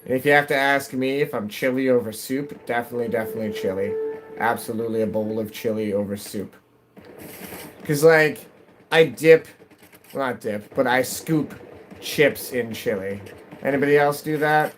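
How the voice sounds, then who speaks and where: A man's voice: mid-range voice, normal speed, a little hiss or hum. Rambling, chatty man streaming a game. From New England. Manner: rambling, chatty, laughs often. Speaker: live streamer. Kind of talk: casual chat with viewers while gaming.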